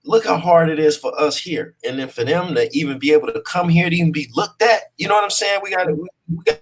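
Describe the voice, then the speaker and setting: This actor talks fast in a slightly high voice during a casual interview. Relaxed throughout, he keeps checking in with the listener and drops "you know what I'm saying" again and again.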